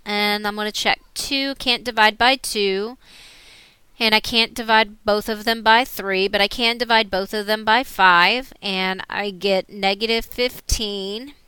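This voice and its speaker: A woman math teacher talking through worked examples in a recorded screen lesson, explaining each step in a steady way. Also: medium pitch, clean tone, no echo.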